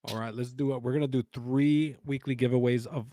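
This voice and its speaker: A man's voice: medium pitch, fairly even intonation, fairly quick, hardly any pauses, dark tone, no echo. Chatty man running giveaways, dry close sound. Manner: loose and chatty, counting numbers under his breath. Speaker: livestream co-host running giveaways. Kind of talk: casual livestream chat.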